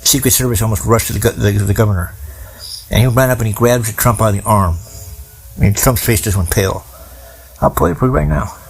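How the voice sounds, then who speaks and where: A man's voice: lowish voice, steady tone, brisk, slightly rough. A man in his forties delivering a profane, rambling political rant in casual streetwise slang. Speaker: commentator.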